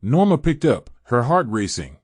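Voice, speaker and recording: A man giving a scripted, dramatic true crime narration in a measured storytelling delivery. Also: mid-range voice, big pitch swings, husky, no echo.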